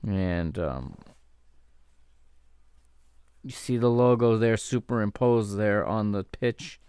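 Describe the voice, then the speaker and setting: Smooth-voiced man doing casual commentary. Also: lowish voice, takes it slowly, a little mellow, no echo, clean studio sound. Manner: chatty, easygoing, corrects himself mid-sentence. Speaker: podcast host. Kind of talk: casual match watchalong commentary.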